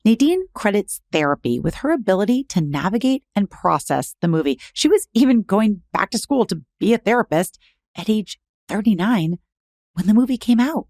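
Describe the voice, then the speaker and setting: A woman podcast host reading scripted narration in a measured storytelling manner. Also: mid-range voice, big pitch swings, darkish tone, no echo. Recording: dry close studio voice-over over faint music. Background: faint music.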